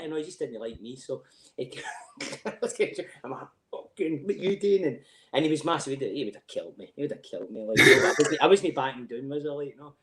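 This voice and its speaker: A middle-aged Scottish man spins story after story, his voice sitting a little high, and he laughs easily between lines. His voice rings around a roomy, echoey space. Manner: animated storyteller, laughs often, swears freely. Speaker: podcast guest. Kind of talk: casual chat.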